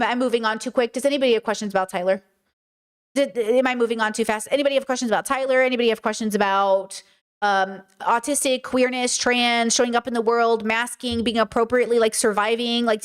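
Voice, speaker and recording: A young woman hosting a casual livestream, talking in an animated, chatty way and slipping into mimicked voices. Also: on the high side, clear, resonant tone. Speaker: livestream host.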